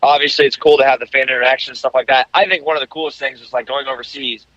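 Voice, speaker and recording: A man calls in to a podcast and talks fast in a bright, forceful voice. He rambles easily through his stories with plenty of fillers and a slight cough. The call line sounds muffled and a little dull. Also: medium pitch, no echo. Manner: relaxed, rambling storytelling with lots of fillers. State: coughing a bit. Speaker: guest motocross racer. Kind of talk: casual podcast chat. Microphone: remote call.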